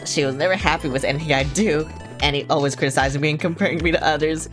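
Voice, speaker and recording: A woman's voice: low-pitched, fairly even intonation, fast, music in the background, close to an everyday voice. A woman voicing a lonely, awkward man calling a hotline, talking in a hesitant, sheepish ramble.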